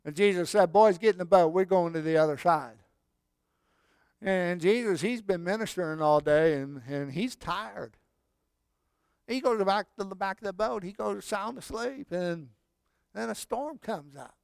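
A man preaches in a folksy, storytelling way, rising to loud calls and dropping to hushed asides. His voice sits high and rings smooth and clear. It is recorded close and dry. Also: unhurried, dry recording. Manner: folksy, swells loud then drops to near whispers. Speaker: pastor. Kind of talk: sermon.

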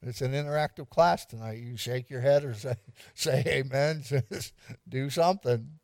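A man's voice: mid-range voice, normal speed, darkish tone, no room sound, studio quality. A man pastor giving an interactive evening sermon, quizzing the congregation and repeating lines for emphasis with light humor.

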